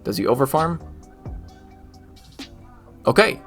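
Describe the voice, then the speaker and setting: A man's voice: medium pitch, fairly quick, a bit bright, soft background music. Joking man doing gameplay commentary. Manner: joking, mock trash talk at the game. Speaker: gaming YouTuber. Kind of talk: casual live gameplay commentary.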